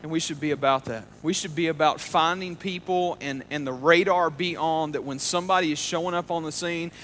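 A man's voice: fairly high pitch, fairly even intonation, brisk, fairly bright tone, slight background noise. A man pastor preaching a sermon in a conversational way, with frequent restarts and fillers.

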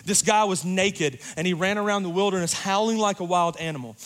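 A man preaching a sermon in a dynamic, conversational way, swinging between loud passages and hushed ones. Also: high-pitched, moderate pace, few pauses. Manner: conversational, uses "like" and "you know".

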